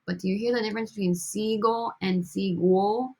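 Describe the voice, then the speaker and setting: Woman teacher talking over slides, gravelly fry in her voice, upbeat, keeps nudging students along. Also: mid-range voice, steady tone, moderate pace, dark tone. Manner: upbeat, coaxing, drills students with prompts. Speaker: Spanish teacher. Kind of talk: recorded classroom lesson.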